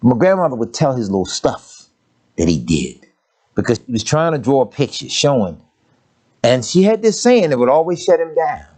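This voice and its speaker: A man's voice: medium pitch, a little mellow. An older man preaching a sermon, telling family stories and briefly mimicking the voices of his parents and grandmother.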